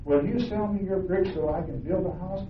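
A wise, careful little pig voiced by a man reading aloud speaks in a calm, polite way. The voice sits slightly high. It sounds roomy and thin, as if heard over a phone. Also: normal speed, slight background noise, natural voice. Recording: echoey, tinny, from far off.

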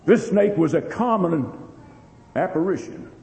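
A man's voice: high voice, animated, measured pace, creaky, dark tone. A man preaching a sermon, telling a story with lots of repeats and strong rising and falling emphasis. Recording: long hall reverb.

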